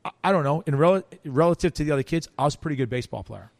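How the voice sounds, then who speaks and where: Animated man telling a story. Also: fairly high pitch, rapid-fire, vocal fry, dry recording. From United States. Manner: animated storyteller, acts out quoted voices, frequent restarts. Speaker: interview guest. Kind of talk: storytelling in an interview.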